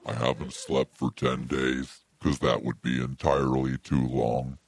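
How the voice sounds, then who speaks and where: A man doing stand-up comedy, telling deadpan one-liners, heard as a played recording. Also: a bass voice, measured pace, creaky, soft background music.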